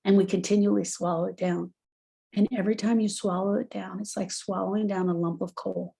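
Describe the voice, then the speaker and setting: A woman's voice: mid-range voice, steady tone, fairly quick, gravelly, warm tone, husky. A middle-aged woman speaking as a grief coach, talking earnestly and encouragingly straight to the listener. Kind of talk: motivational talk.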